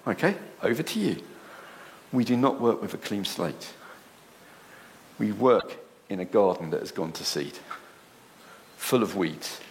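A man's voice: lowish voice, a little slow, long pauses, slight background noise. A man preaching a sermon to a congregation in a church. He asks the room rhetorical questions and takes on dramatic voices when he quotes others.

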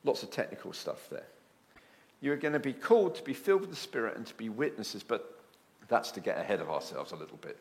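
Animated man preaching a sermon. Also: medium pitch. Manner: animated storytelling with acted asides.

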